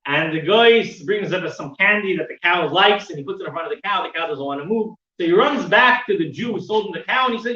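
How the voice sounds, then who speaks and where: A man's voice: sits high, expressive, quick pace, few pauses, bright, forceful tone. A man teaching a weekly Torah class, telling a story with lots of fillers and restarts. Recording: roomy, dull sound from a distant mic.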